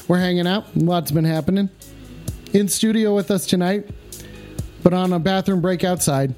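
High-voiced profane livestream host. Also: male voice, moderate pace, soft background music. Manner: profane, loud, shouting catchphrases. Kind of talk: rowdy livestream banter. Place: at home in front of cameras.

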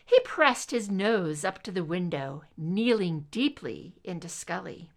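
A woman reading a story aloud as narrator, in an expressive, unhurried way. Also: fairly low pitch. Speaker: reader.

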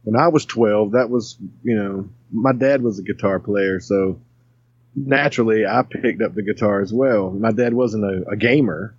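A man's voice: fairly low pitch, moderate pace, husky, no room sound, dull audio. A man co-hosting a podcast, talking casually in a blunt, crude, joking way.

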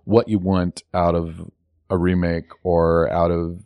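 Man, podcast co-host, very low voice, dry close sound, hesitant and reflective. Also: level tone, slow pace, no echo, lo-fi sound. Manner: thoughtful, hesitant, repeats words as he searches. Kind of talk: casual movie chat.

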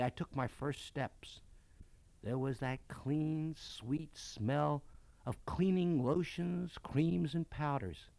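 Man telling a memoir with lively pitch. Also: dry recording. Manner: expressive, dramatic storytelling. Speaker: children's book author. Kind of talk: reading a childhood memoir aloud.

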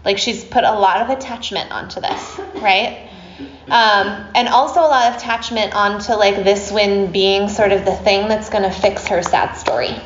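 A woman's voice: mid-range voice, steady tone, normal speed, a little hiss or hum. A woman telling a story to a group, chatty and casual, with lots of fillers and laughs. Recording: echoey room, slightly dull sound.

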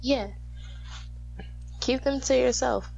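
A woman's voice: high-pitched, takes it slowly, gravelly, darkish tone. A woman hosting a podcast, chatting casually and teasing her co-host. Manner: teasing, playful banter. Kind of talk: casual chat. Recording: dull lo-fi sound.

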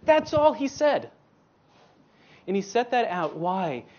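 A man delivers a sermon in an unhurried, deliberate way, pressing his points with rhetorical questions and repeated words. The recording is dull and lo-fi, like a church service taped without much care. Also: high voice, very animated, a little mellow. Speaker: guest preacher.

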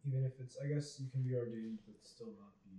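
Dark-voiced man speaking up in class. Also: mid-range voice, quick pace. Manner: hesitant, loose phrasing. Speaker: class participant. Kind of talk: casual classroom remark. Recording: roomy echo with faint noise, far from mic.

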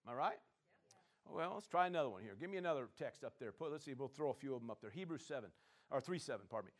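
A man preaching a sermon, calling on the congregation to answer and swinging between loud declarations and quiet asides. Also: medium pitch, lively intonation, very fast. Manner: call-and-response preaching, swings from loud to soft. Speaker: pastor.

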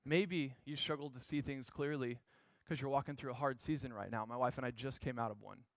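A man in his thirties giving a storytelling sermon as a guest speaker, animated, swinging from shouts to hushed lines. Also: medium pitch, a little fast, no echo.

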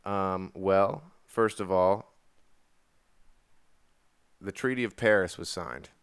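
A man's voice: low-pitched, takes it slowly, smooth, dry recording. A man co-hosting a podcast in casual comedic chat, profane and jokey, slipping into mock accents and sung bits. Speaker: podcast co-host.

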